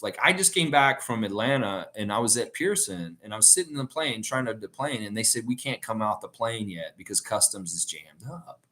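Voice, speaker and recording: A man's voice: mid-range voice, a bit bright. A middle-aged man hosting a casual live stream. He rambles, reads out viewer comments and tells stories with frequent laughs.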